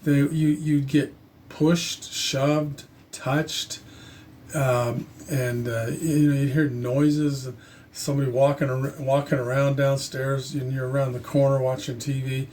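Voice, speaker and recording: A man telling his own story to camera in a casual, halting, earnest way, with frequent restarts. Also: medium pitch, flat delivery, a little mellow, a little hiss or hum. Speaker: channel host telling a personal story.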